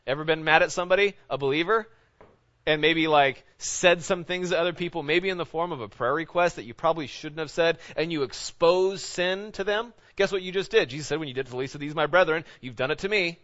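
A man preaching a sermon as a pastor. He keeps asking rhetorical questions with a repeated "right?" and swings between loud emphasis and quiet, low intensity. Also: fairly quick. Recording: dull lo-fi sound.

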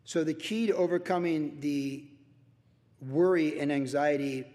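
A man's voice: fairly high pitch, a little slow, darkish tone, big-room sound. A male pastor teaching a verse-by-verse sermon in a loose, conversational way, repeating himself for emphasis. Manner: conversational, repetitive, acts out worried voices.

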